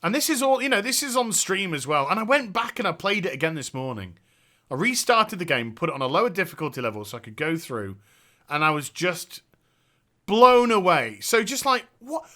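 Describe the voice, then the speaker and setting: A man rants about a game in a high, swooping voice that stays very bright and sharp. He swears freely and piles on the sarcasm, sounding thoroughly fed up. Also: very animated, a little fast. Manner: exasperated, sarcastic and profane. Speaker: video game reviewer. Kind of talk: ranting game review.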